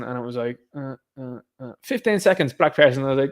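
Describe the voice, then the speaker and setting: An Irish man talks straight to his viewers in a loose, casual monologue. His voice sits a little higher than most men's, and he keeps firing off sarcastic rhetorical questions. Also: expressive, moderate pace. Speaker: online commentator.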